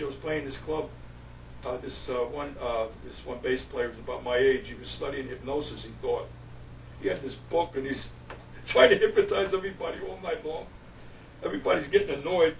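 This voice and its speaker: A man, a musician, telling a casual anecdote in an animated way, stumbling and repeating himself. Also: a little high. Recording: roomy, distant, faint hiss.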